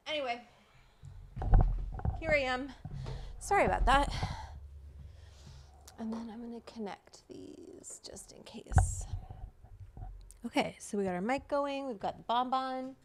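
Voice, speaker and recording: A woman's voice: a little high, a little slow, pauses often, noisy background. A woman hosting a casual livestream from home, apologizing and talking to herself while she sets up her desk mic. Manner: flustered, apologetic, talks to herself while fixing gear. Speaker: livestream host. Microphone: desk microphone.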